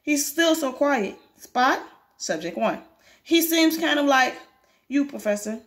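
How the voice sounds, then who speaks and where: A woman voicing an eager young female researcher who asks bright, rising questions. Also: high voice, expressive, measured pace, pitched above the performer's own voice. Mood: curious.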